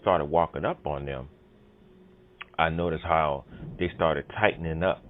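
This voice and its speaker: A man with a very deep voice recounts a story in loose, casual talk, full of fillers and punchy spoken sound effects. He is heard through a thin, phone-like line, with clear music playing behind him. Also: fairly even intonation, a little slow. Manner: rambling storytelling with many fillers and emphatic "boom" sound effects. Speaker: channel host telling a personal story.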